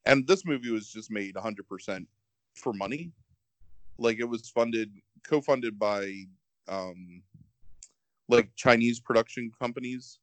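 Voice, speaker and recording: A man co-hosting a podcast in casual chat, rambling and animated, filling with "like". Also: mid-range voice, measured pace, no echo.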